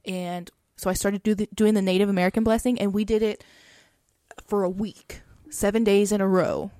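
A woman co-hosting a podcast, telling a personal story in a casual, chatty way, often saying "like" with soft laughs. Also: mid-range voice, steady tone, moderate pace, no room sound, studio quality.

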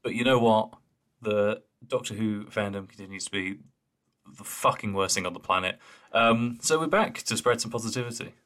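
A man with a low voice chats on a fan podcast. He jokes, swears freely and reads out listener emails in a relaxed way. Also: moderate pace. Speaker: podcast co-host. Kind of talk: casual chat.

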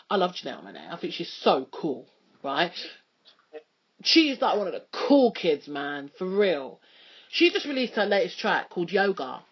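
Husky chatty radio woman. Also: mid-range voice, muffled recording. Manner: chatty, joking, many fillers. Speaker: radio presenter. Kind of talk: casual radio chat.

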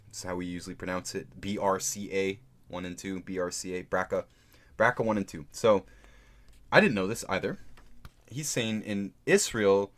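A man's voice: on the low side, fairly bright tone. A man hosting his own podcast, talking casually through a book and reading out passages. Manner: conversational, thinks aloud, reads out quotes. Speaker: podcast host reviewing a book. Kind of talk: casual solo podcast talk.

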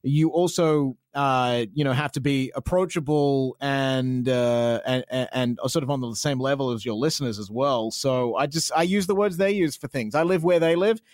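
A man's voice: mid-range voice, normal speed, few pauses, darkish tone, no echo, clean studio sound. A man in his thirties with an Australian accent, a radio presenter talking frankly as an interview guest, full of restarts. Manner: chatty, frank, many restarts and fillers. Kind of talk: casual interview chat.

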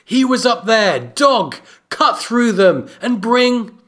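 A man's voice: very high-pitched, very animated, slow pace, a bit bright, pitched above the performer's own voice, heavily acted. A man voicing a spoiled, cruel teenage boy king who screams petulant commands while reading a novel aloud. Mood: furious commanding.

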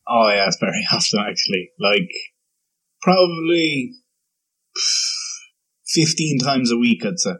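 A man's voice: mid-range voice, animated, measured pace, pauses often, fairly bright tone, breathy edge. An Irish man on a podcast, chatting casually and throwing in dry, teasing quips. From Ireland. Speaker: podcast co-host.

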